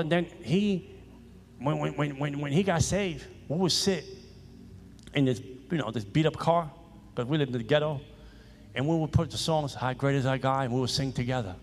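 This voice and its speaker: A man preaching a sermon, repeating phrases with emphasis and moving between loud exhortation and quiet personal stories. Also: a little high, moderate pace.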